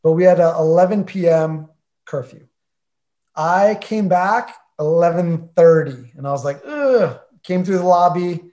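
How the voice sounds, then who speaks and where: A man's voice: a little high, fairly even intonation, normal speed, mellow. A man telling his side of a story in casual chat, playful and emphatic, acting out his own reactions.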